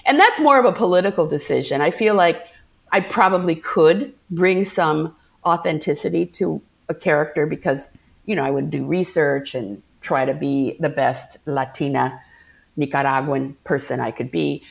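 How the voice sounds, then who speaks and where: A middle-aged woman sits in as a guest, spinning lively stories from her career in a casual chat. Her voice sits on the lower side and she breaks into laughter easily. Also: moderate pace, gravelly. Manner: animated anecdotal storyteller, laughs often. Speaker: guest actor. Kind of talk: casual storytelling interview.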